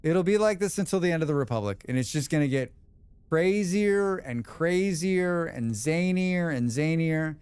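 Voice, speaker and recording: A man's voice: fairly high pitch, expressive, normal speed, a little mellow, smooth, no room sound. A man streaming a game, chatting casually and answering chat with rambling, opinionated remarks. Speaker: livestream gamer. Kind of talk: casual livestream chat reading chat.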